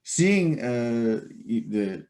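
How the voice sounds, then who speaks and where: A man's voice: medium pitch, big pitch swings, extremely slow, a little mellow. A man running a tabletop game as game master, explaining the scene at length with many fillers and restarts.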